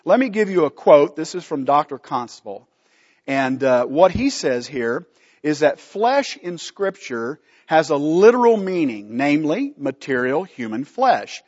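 A man's voice: on the high side, very animated, a little slow, darkish tone, breathy edge, big-room sound, muffled recording. A man teaching a Bible study from slides, emphatic, putting questions to the class and answering them himself.

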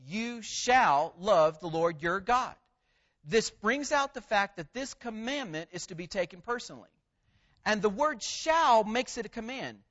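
High-voiced, emphatic male preacher. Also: fairly bright tone, highs cut off. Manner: measured, emphatic delivery with pauses on key words. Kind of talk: sermon.

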